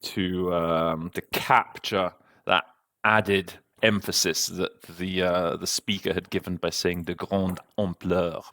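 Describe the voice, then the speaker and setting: Host man, very deep voice, dry close sound, self-critical interpreter talking through his work. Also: little pitch movement, slow pace, a bit bright, dry recording. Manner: reflective, self-critical, conversational. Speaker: conference interpreter and podcast host.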